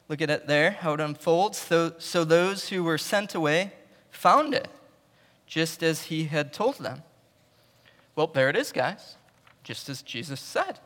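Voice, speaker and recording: Man preaching in a reverberant hall. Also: fairly high pitch. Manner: conversational preaching, repeats words, swings from loud emphasis to quiet. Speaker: pastor. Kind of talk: sermon.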